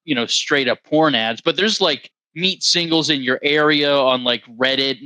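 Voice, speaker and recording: A man's voice: on the high side, moderate pace, pushed and bright, dry recording. A young man co-hosting a podcast, rambling and joking in casual chat on a close mic. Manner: rambling, filler-heavy, joking. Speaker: podcast co-host.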